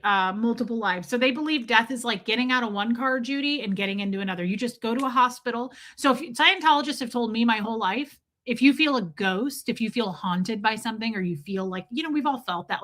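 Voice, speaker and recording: A woman's voice: a little high, sharp tone. A woman hosting a casual livestream, telling a story in a blunt, profane way and greeting viewers by name as she goes. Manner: blunt, profane, reads viewer names aloud mid-story. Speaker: livestream host. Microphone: streaming setup mic.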